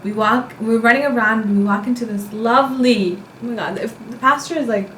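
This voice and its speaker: A young American woman telling a travel story in a casual, animated way, acting out what people said. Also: fairly high pitch, a little fast, roomy sound, distant mic, a little hiss or hum, low-quality recording. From United States. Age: young adult. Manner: animated, acts out quotes.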